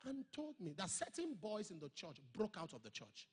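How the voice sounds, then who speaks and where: A man's voice: sits high, wildly swooping pitch, a little fast, few pauses, slightly rough. A man, preaching a sermon as he tells a story, emphatic and full of sudden exclamations. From Nigeria. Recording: long hall reverb.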